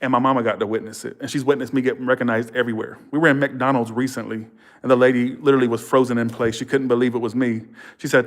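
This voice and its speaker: A man's voice: mid-range voice, fast. A man, a tarot reader hosting a livestream, telling stories with feeling and swearing freely. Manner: animated, emotional, swears freely; thanks viewers warmly and repeatedly. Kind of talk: casual livestream storytelling.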